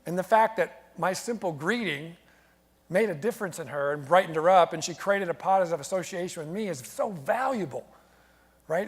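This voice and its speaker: High-energy man speaking in a reverberant hall. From United States. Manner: energetic, storytelling, engages the crowd with call-and-response. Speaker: motivational keynote speaker. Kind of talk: live motivational keynote to an audience. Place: large event hall with audience. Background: audience responding and laughing.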